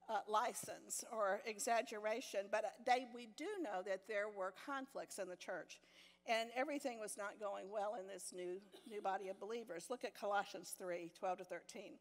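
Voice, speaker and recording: A woman's voice: medium pitch, normal speed. An older woman teaching a women's Bible study, telling a personal story with self-deprecating humor and frequent laughs. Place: church meeting hall. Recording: long hall reverb in a church.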